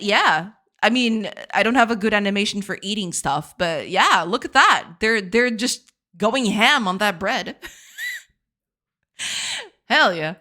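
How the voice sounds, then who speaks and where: A woman's voice: medium pitch, expressive, slow, bright, forceful tone. A woman whose first language is Portuguese, chatting casually on a game dev live stream, giggling and answering chat.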